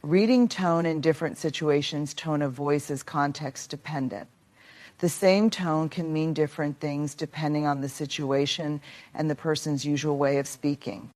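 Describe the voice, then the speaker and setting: Low-voiced woman narrating a motivational talk. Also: fairly even intonation, normal speed, darkish tone.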